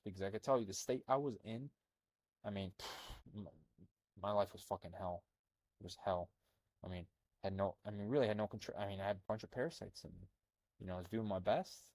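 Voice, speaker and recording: A man's voice: on the low side, darkish tone, no room sound. A young man from Albania, working as a health coach, talking bluntly in a rambling casual monologue full of fillers, recorded on a close mic.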